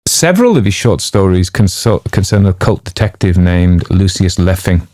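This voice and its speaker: A man's voice: low voice, very animated, normal speed, a little mellow, dry recording. A man chatting casually before reading a story, rambling off on digressions, with lots of fillers and jokey asides. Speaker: audiobook narrator introducing a story.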